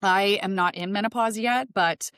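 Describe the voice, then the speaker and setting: A woman's voice: mid-range voice, normal speed, smooth, no echo, clean studio sound. Affirming woman host in her forties. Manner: warm, affirming and enthusiastic. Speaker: podcast host. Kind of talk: conversational interview.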